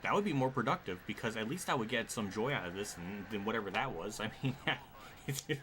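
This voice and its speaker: Male streamer, live racing gameplay, profane and exasperated, pitch jumps all over, room noise under the voice. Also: lively intonation, quick pace, fairly bright tone. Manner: frustrated, profane, swearing often at the game; mutters and laughs under his breath. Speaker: streamer playing a racing game.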